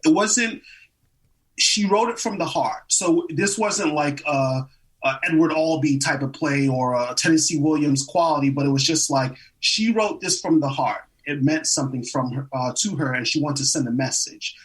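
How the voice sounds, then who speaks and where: A man in his twenties, an actor guest, telling stories in a casual interview, animated, laughing often and acting out quotes. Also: on the high side, moderate pace, recorded from a distance, poor audio. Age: 20s.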